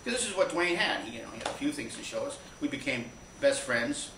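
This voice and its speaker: A man's voice: a little high, big pitch swings, bright, forceful tone, slight background noise. Rambling male storyteller in an echoey room. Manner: rambling, anecdotal, halting with restarts. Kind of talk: live stage storytelling. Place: small theater stage. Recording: echoey live room from far off.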